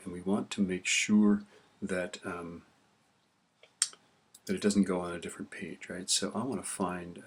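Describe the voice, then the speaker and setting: A man's voice: deep voice, fairly bright tone, slightly rough. A male teacher casually talking through a spreadsheet lesson while typing, often checking in with "right?". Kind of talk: screen-recorded spreadsheet tutorial. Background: keyboard clicks and typing.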